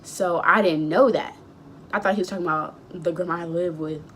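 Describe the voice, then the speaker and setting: A young woman in her late teens chatting casually, rambling through a storytime and acting out the dialogue with sudden high outbursts. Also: fairly even intonation, fairly quick, fairly bright tone, a little hiss or hum. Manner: acts out quoted dialogue. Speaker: vlogger.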